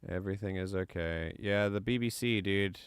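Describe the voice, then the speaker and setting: A male streamer talking on a live stream with a fairly low, smooth, resonant voice. He rambles with enthusiasm and keeps stopping to correct his own words. The sound is dry and close, with almost no room echo. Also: normal speed. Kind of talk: casual live-stream commentary.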